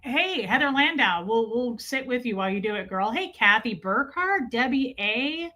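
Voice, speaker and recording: A woman hosting a casual livestream from home, greeting viewers by name with quick, chatty asides. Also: on the high side, expressive, pushed and bright. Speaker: livestream host. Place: room at home.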